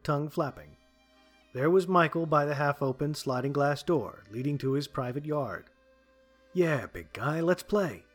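A man narrating a dark short story in a steady, wry way. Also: fairly high pitch.

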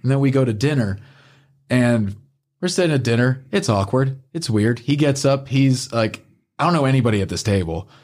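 A man's voice: mid-range voice, lively intonation, normal speed, a little mellow. Profane rambling young man telling a story. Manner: rambling, profane, lots of filler likes. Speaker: podcast host. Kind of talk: casual storytelling chat.

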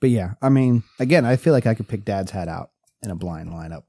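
A man's voice: on the low side, expressive, brisk, warm tone, no echo, studio quality. A man co-hosting a podcast in casual chat, rambling and restarting as he goes. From Pennsylvania. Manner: rambling, restarts often, laughs while telling stories. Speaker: podcast co-host.

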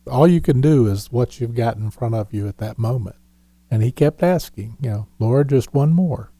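Male panelist, deep mellow tone, reflective and preachy. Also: no room sound. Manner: reflective, sermon-like.

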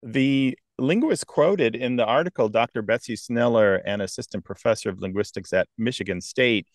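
A man explaining in a measured, thoughtful way as a podcast guest. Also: medium pitch, dry recording, clean studio sound. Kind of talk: conversational explanation.

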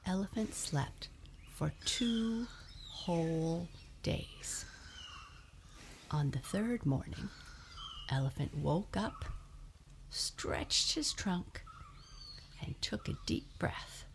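Soft, half-whispered woman telling a bedtime story. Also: fairly low pitch, animated, very slow, pauses often.

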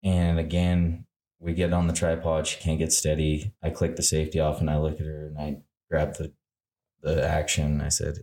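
A man's voice: extremely low pitch, normal speed. A man, a hunting guide, telling a story casually and acting out the lines he and others said. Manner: animated, acts out his own quoted lines. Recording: roomy echo.

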